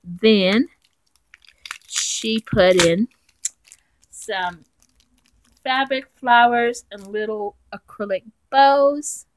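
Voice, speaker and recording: A woman's voice: fairly high pitch, extremely slow, long pauses, low-quality recording. A woman vlogger chatting casually as she unboxes craft supplies, gushing and talking to her viewers. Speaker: craft vlogger reviewing a swap.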